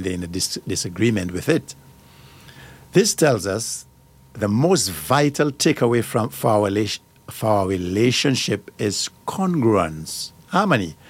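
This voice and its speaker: A middle-aged man hosting a radio talk show. He reads out points and breaks off into firm personal asides. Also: fairly low pitch.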